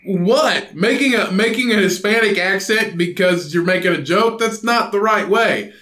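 A man's voice: sits high, normal speed, bright, forceful tone, reverberant. A man co-hosting a podcast, rambling in casual chat, swearing a lot and pressing his points hard. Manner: rambling, profane, emphatic. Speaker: podcast co-host.

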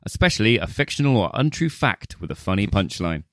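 A man's voice: lowish voice, sing-song, a little fast, a bit bright, dry recording, studio quality. A man co-hosting a casual film podcast, joking and laughing often. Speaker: podcast co-host.

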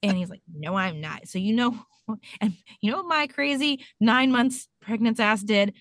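A woman's voice: fairly high pitch, normal speed, no room sound. A woman in her thirties telling a self-mocking mom story in casual podcast chat.

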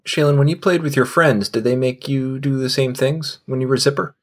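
A man's voice: medium pitch, fairly even intonation, a little fast. A man co-hosting a casual podcast, teasing and joking. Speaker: podcast co-host. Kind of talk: casual chat.

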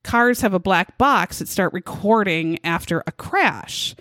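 A woman's voice: mid-range voice, lively intonation, unhurried, fairly bright tone, no echo. A woman casually recounting a true crime case to a co-host, blunt and indignant, with frequent swearing. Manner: blunt, profane, indignant storytelling. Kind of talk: casual chat.

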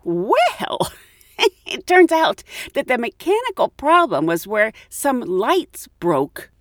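A woman who is a flight attendant and podcast host, telling travel stories in a lively way and acting out the voices of people in them. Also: a little high, takes it slowly, dry recording, studio quality. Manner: animated, acts out quoted voices with laughs. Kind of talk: casual anecdotal storytelling.

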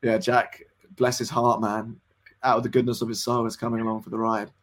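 A young man in his twenties, a band member guest in a casual podcast interview, rambling, excitable and swearing freely. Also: medium pitch, fairly quick. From United Kingdom. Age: 20s.

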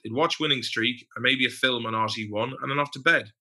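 Irish man, guest, very bright voice, chatty storyteller, swears freely. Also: mid-range voice, brisk. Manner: storytelling, profane, with acted-out quotes. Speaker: podcast guest. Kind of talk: casual chat.

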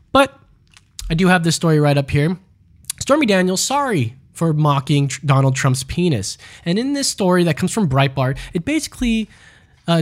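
A man hosting a casual podcast, reading news stories and ranting about them with heavy profanity and mockery. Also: high-pitched. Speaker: podcast host. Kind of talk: casual crude news rant.

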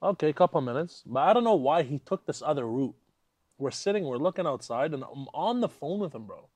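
A man hosts a casual podcast from a backyard. He tells a story in an animated, slangy way and swears freely. His voice sits on the high side for a man, and the sound is dry and close. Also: fairly quick, no echo. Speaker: podcast host. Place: outdoors in a backyard.

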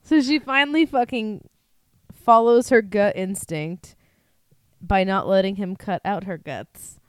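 A woman telling a crime story in a loose, profane way, laughing between lines. Her voice is smooth and clear, in a dry room with no echo. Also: mid-range voice, measured pace. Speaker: podcast co-host. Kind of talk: casual true-crime chat.

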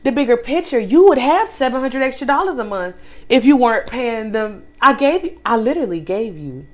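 A woman's voice: on the high side, fairly quick, highs cut off. A young woman co-hosting a casual faith podcast, telling a personal story with emphasis, talking straight to listeners and acting out what people said. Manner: animated storytelling, acts out quoted speech. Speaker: podcast co-host.

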